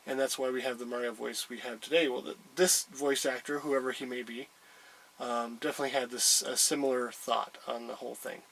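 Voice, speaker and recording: A man's voice: medium pitch, steady tone, a little fast, vocal fry, a bit bright, rough recording. A man casually showing a collectible item, rambling with many hesitations. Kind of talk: casual chat.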